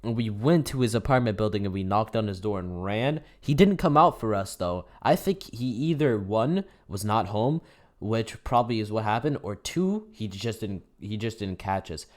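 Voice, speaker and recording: A man's voice: fairly low pitch, lively intonation, normal speed. A teenage boy telling a story in a casual, swearing way, laughing as he goes. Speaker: gaming youtuber. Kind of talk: storytime narration over gameplay.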